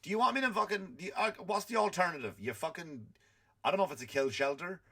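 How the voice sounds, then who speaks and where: A man's voice: high-pitched, lively intonation, quick pace, bright, forceful tone, slightly rough. A middle-aged man hosting a comedy podcast, ranting in an exasperated, profane way and acting out quotes. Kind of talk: comic rant.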